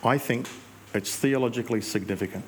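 A male pastor, preaching in a conversational storytelling way with reflective pauses. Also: medium pitch, slight background noise. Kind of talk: sermon.

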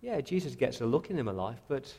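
An earnest male pastor delivers a sermon at a medium pitch. He is direct and heartfelt, slipping into first-person prayers as he speaks. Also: sing-song, brisk, warm tone, breathy edge.

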